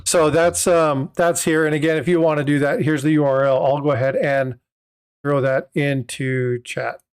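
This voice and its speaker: A man with a fairly high speaking voice hosts a casual livestream. He explains at length in loose, rambling sentences full of filler sounds and restarts. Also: steady tone, moderate pace, smooth. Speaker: host of a coin livestream.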